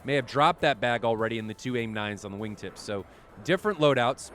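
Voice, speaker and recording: A man's voice: medium pitch, animated, brisk, a bit bright, a little hiss or hum. A man giving live play-by-play commentary on a flight simulator match, chatty and often correcting himself. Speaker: esports commentator.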